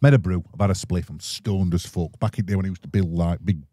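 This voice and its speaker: A man's voice: sits low, quick pace, warm tone, dry recording, studio quality. A man with a Sheffield accent telling rowdy, sweary anecdotes in a casual podcast chat and acting out the voices in them. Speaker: guest musician.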